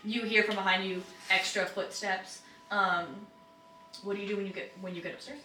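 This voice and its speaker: Woman game master, bright voice, sounds kinda far off in an echoey room. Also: medium pitch, fairly even intonation, moderate pace. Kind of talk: narrating a tabletop game. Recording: roomy, distant mic with faint noise.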